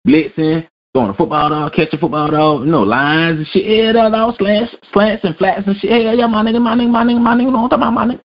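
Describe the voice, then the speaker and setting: A man caricatures a lazy, bragging young football player, pitched well above his own low voice. The jock drawls and repeats slang in a cocky loop. The recording sounds dull and lo-fi. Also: steady tone, fast talker, hardly any pauses, close to an everyday voice.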